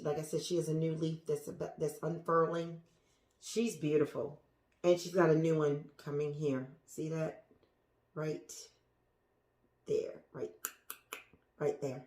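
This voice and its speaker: A woman's voice: deep voice, mellow. A woman showing her houseplants to viewers in a chatty, gushing way, talking straight to the camera and sometimes dropping to a whisper. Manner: drops to a whisper at times. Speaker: plant vlogger. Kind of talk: casual show-and-tell to viewers. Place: indoors among houseplants. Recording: echoey room.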